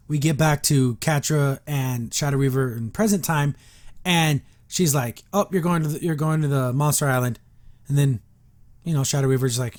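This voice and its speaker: A man hosting a review podcast, casually retelling a cartoon episode and briefly acting out the characters' lines. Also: a little high. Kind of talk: casual recap and reaction.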